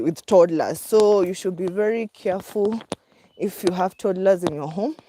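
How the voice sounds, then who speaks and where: A woman's voice: lowish voice, darkish tone, slight background noise. A woman with a Kenyan English accent talking casually while out walking her dog, out of breath, chatty and laughing now and then. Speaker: vlogger. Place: outdoors on a walk, hills and woods.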